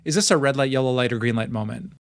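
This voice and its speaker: A man's voice: medium pitch, rapid-fire, gravelly, no echo. An earnest man speaks as a pastor in a guest interview. He explains things through everyday examples and laughs easily. His mid-range voice is recorded close and dry. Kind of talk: conversational interview.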